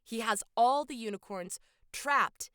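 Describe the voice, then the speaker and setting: A woman co-hosting a podcast, recapping a film's plot in a casual, animated storytelling way. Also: fairly high pitch, unhurried, clear, resonant tone, no room sound, studio quality. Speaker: podcast co-host. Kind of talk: casual film recap chat.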